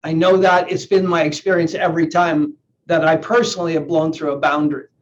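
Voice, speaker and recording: Earnest higher-voiced male coach. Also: flat delivery, brisk. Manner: earnest, repeats words while thinking. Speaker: NLP coach. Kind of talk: live online coaching session talk. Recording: slightly dull lo-fi sound with faint hiss.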